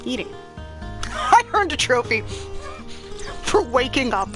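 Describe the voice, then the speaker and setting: Lively chatty woman streaming a game. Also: sits high, slow. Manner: chatty, self-deprecating, playful. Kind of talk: casual gameplay commentary. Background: game music.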